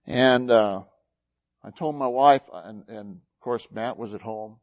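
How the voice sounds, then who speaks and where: A man preaching a folksy sermon as pastor, with sudden rises and drops in loudness. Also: fairly low pitch, slow, lo-fi sound. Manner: folksy, animated preaching with big swings in loudness.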